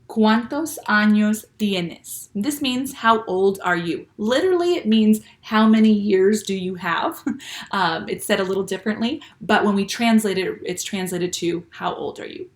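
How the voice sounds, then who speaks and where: A woman teaching young children, speaking slowly and clearly and checking often with "okay?". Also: mid-range voice. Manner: patient, slow and clear, with many "okay?" checks. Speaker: Spanish teacher. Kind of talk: classroom lesson for children.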